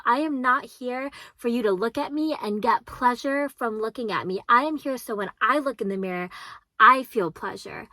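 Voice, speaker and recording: A woman's voice: a little high, unhurried, bright, forceful tone, no echo. A woman in her twenties giving casual advice to her viewers, emphatic and repetitive, swearing now and then. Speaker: vlogger.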